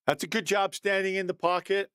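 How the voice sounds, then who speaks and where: A man's voice: high voice, flat delivery, a little fast, fairly bright tone, clean tone, no echo. A man giving a casual, conversational breakdown of football game film, thinking aloud and chuckling at mistakes.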